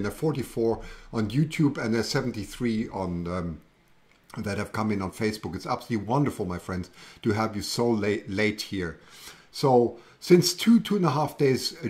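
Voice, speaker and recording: Chatty German man hosting a livestream. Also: fairly low pitch. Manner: chatty and rambling, reading out viewer comments. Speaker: livestream host. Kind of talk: casual livestream chat.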